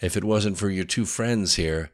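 A man's voice: sits low, normal speed, lightly acted. A man reading the part of a wry, doubtful young woman blogger in an audiobook.

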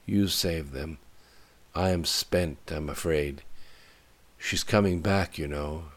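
Worn-out shaken woman, narrator voicing her, whispery and quiet. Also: extremely low pitch, slow pace, heavily acted. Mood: whispering.

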